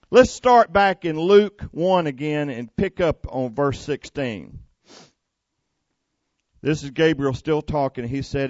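Preacher guy, slow folksy sermon, kinda high voice, muffled dry sound. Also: dry recording. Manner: folksy, conversational, animated preaching.

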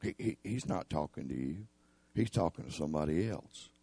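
A man voicing a sly male devil who coaxes people into temptation, with a raspy voice. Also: deep voice, expressive, normal speed, warm tone, no room sound, voice pushed down, exaggerated voice. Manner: coaxing, whispering temptations.

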